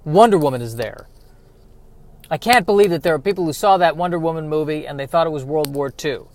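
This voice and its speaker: A man's voice: a little high, brisk, a little hiss or hum. A man hosting a solo comedy podcast, rambling and sarcastic. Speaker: podcast host.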